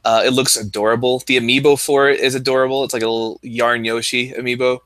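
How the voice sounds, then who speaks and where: A man co-hosting a casual podcast, relaxed, giving quick verdicts on games. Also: mid-range voice, no echo. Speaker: podcast co-host. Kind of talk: casual chat.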